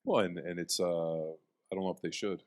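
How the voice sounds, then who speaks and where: Very low-voiced male podcast host. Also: normal speed. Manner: relaxed, chatty, interjects. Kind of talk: casual interview chat.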